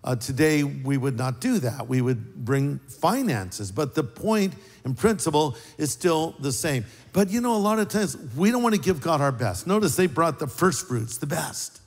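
An older man preaching a sermon as pastor, an animated storyteller with wry, sarcastic asides. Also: a little high, moderate pace, few pauses, in a large hall.

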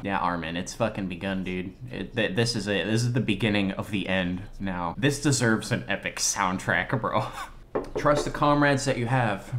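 A man giving excitable, slangy live reaction commentary on an anime episode, exclaiming and swearing often. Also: fairly low pitch, a little hiss or hum.

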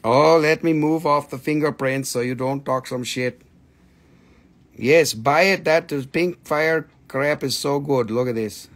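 A man's voice: a little high, measured pace. A man hosting a live stream gem sale, with joking sales patter and a put-on quirky accent that comes and goes.

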